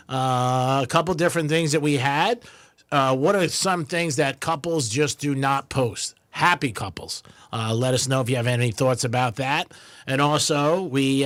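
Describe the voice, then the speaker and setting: A man's voice: mid-range voice, a bit bright. A man hosting a radio show in loose casual chat, rambling with lots of fillers. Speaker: radio host.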